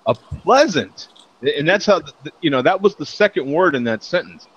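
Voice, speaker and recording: A man's voice: on the high side, lively intonation, fairly quick, dull audio, a little hiss or hum. A man hosting a casual beer chat show, laughing often and joking as he reads out tasting notes. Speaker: podcast host.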